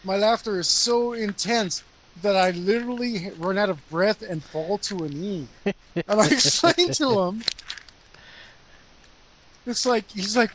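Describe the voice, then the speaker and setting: A man's voice: high voice, measured pace, long pauses, a bit bright, slight background noise, rough recording. A man chatting casually with friends, telling bar stories in a laid-back way, laughing often and trailing off with fillers.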